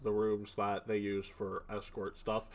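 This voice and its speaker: A man's voice: fairly low pitch, completely flat delivery. A man, the game master, chatting casually and joking before a tabletop session. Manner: chatty, jokey, quick asides.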